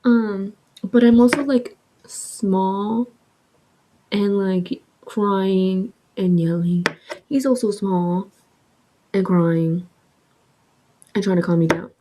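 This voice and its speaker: A woman in her twenties telling a story in a chatty, animated way, filling her talk with "like" and swearing. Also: medium pitch, takes it slowly, long pauses, noisy background. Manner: chatty, heavy use of "like", swearing, animated retelling. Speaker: vlogger. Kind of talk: casual storytime with soft ASMR eating.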